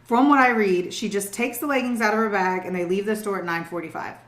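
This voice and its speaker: A young woman co-hosts a true-crime podcast, swearing freely as she tells the story with emphatic turns. Her voice sits at a middling pitch. The recording carries a roomy echo. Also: quick pace, a bit bright. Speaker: podcast co-host. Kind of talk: casual true-crime chat.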